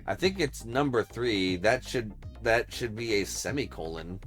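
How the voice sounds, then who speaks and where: A man's voice: on the low side, expressive, unhurried, a bit bright, soft background music. A man streaming a game, reading on-screen text aloud and joking casually, with the odd swear. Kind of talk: casual game playthrough commentary.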